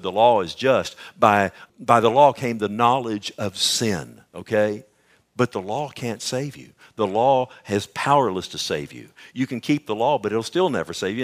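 A man with a fairly low voice preaches a sermon. He swings from hushed, confiding asides to loud, emphatic bursts and keeps checking in with his listeners. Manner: conversational asides to the congregation.

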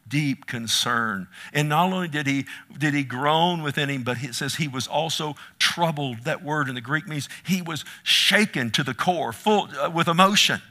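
A middle-aged man preaching an impassioned sermon, swinging from hushed, slow words to loud calls. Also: medium pitch. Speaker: pastor.

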